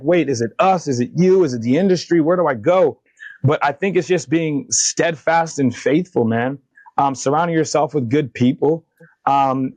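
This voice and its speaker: Thirties guy, podcast guest, earnest and animated, acts out the convos, medium voice, dry close mic. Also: mid-range voice, no echo. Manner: earnest, animated retelling of dialogue, faith-driven. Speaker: podcast guest, company founder. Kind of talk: candid interview storytelling.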